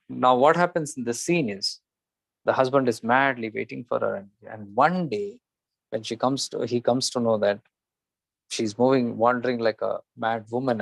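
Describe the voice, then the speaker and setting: A man's voice: medium pitch, gravelly, dry recording, poor audio. A man giving a spiritual talk, retelling a legend and acting out the characters' lines, often restarting his sentences.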